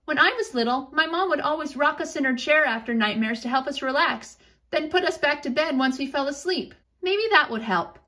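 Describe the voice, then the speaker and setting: A woman voicing a gentle mother who speaks softly and soothingly. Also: high-pitched, fairly quick. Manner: soft, soothing, comforting. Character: warm, soothing mother figure.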